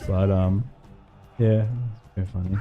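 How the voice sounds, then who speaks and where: A man's voice: sits low, little pitch movement, a little slow, narrow, tinny audio, music in the background. A man livestreaming a strategy game, chatting in a rambling way and laughing often. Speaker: gaming livestreamer. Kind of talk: casual chat while streaming a strategy game.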